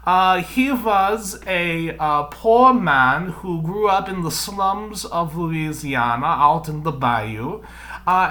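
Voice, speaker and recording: Teacher guy hamming up a cheesy fake german accent, bright voice, kinda high, keeps saying yeah? okay?. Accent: mock German accent, put on. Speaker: history teacher. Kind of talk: video lesson in a put-on accent.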